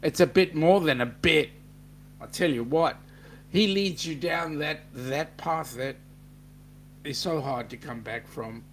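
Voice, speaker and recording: A man's voice: fairly high pitch, a little slow, slight background noise. A middle-aged Australian man hosting a casual livestream, joking and reading viewer comments aloud. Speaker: host.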